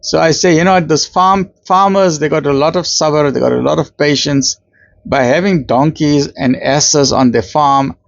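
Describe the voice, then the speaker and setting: A South African man gives a religious talk in a chatty, storytelling way, often putting on the voices of the people he describes. His voice sits fairly high for a man. The sound is dry and dull, with no room echo. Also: steady tone, normal speed, creaky. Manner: conversational, acts out quoted voices, uses Arabic terms. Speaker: Islamic lecturer.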